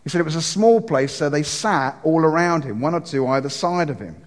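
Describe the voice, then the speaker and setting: A man's voice: a little high, animated, a little fast. A man preaching an earnest sermon, telling a story and acting out the voices in it. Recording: long hall reverb.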